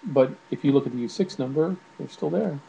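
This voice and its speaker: A man's voice: medium pitch, a little fast, vocal fry, mellow, a little hiss or hum, rough recording. A man giving casual spoken commentary to camera at home, irritated and ranting, with many fillers and restarts. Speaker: video blogger.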